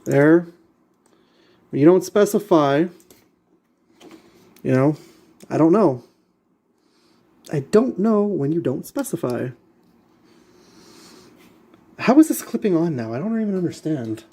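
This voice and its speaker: Man, casual vlogger, exasperated and repetitive, slightly high, mellow tone. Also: very animated, slow, pauses often. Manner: exasperated, muttering, repeating himself. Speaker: vlogger building a model kit. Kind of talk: casual talk while assembling.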